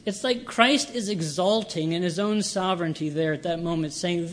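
A man preaching a sermon, reading scripture and explaining it with slow, earnest emphasis. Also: high voice.

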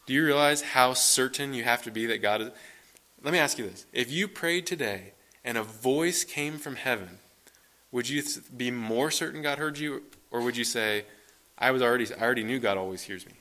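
A middle-aged man preaching a sermon, reading verses and asking the listeners earnest questions, building up to excited emphasis. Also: mid-range voice, normal speed.

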